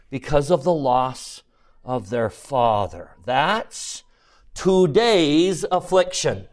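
A man with a somewhat high voice leads a scripture class. He reads passages aloud and keeps turning questions back to his listeners. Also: a little mellow. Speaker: scripture teacher.

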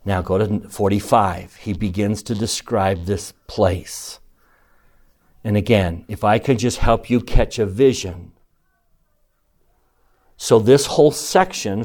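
A man's voice: lowish voice, darkish tone. Man teaching scripture emphatically. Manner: emphatic, asks the class questions. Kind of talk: classroom scripture lesson.

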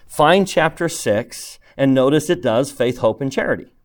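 A man of ordinary pitch teaches a classroom lesson. He speaks with emphasis and energy, calling on students by name and urging them to read aloud. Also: lively intonation, normal speed. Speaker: religion teacher.

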